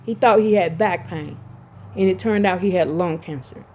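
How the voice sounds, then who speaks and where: A woman's voice: fairly low pitch, normal speed, darkish tone. A woman giving a rambling, emphatic religious monologue to her viewers. She repeats herself and turns confrontational. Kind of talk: direct-to-camera religious monologue.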